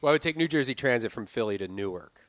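A man's voice: medium pitch, expressive, fast talker, no room sound. A man from Philadelphia with a Philadelphia accent, hosting a podcast in a laid-back, joking casual chat. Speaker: podcast host.

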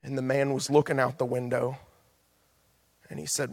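A male pastor preaching an impassioned sermon in a church sanctuary, building to loud appeals. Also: mid-range voice, level tone, normal speed, vocal fry, pauses often. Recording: long hall reverb, faint music.

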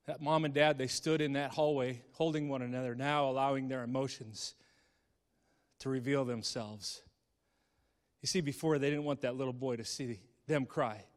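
A middle-aged man telling an emotional story from the pulpit, moving between hushed and impassioned delivery. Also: medium pitch, steady tone, moderate pace, big-room sound. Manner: dramatic, swings from hushed to impassioned. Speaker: speaker.

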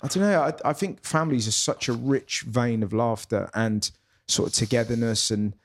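Reflective male comedian, mid-pitched voice. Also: moderate pace. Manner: reflective, hesitant, trailing phrases. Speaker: comedian guest. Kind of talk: casual chat. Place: pub.

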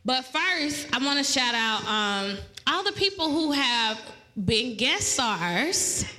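A woman hosts a live podcast, her voice high and bright. She talks loud and laughs a lot, swearing freely in casual banter with her co-hosts. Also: big pitch swings, takes it slowly, poor audio. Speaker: podcast host.

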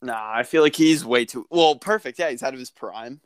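A young man co-hosting a casual sports podcast, excitable and jokey. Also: medium pitch, brisk, clean tone, no echo. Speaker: podcast co-host. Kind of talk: casual chat.

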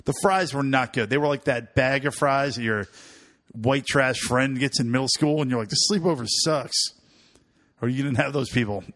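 A man's voice: medium pitch, steady tone, brisk, fairly bright tone. A man co-hosting a podcast in casual comedic chat, joking and laughing often. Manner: joking, laughs often, puts on voices in stories. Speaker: podcast co-host.

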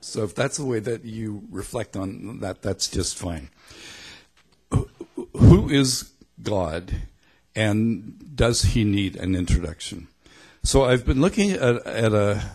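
A man's voice: lowish voice, darkish tone, husky. A middle-aged man from Belfast giving a conversational sermon, reflective and thinking aloud as he goes. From Belfast, Northern Ireland. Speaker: preacher.

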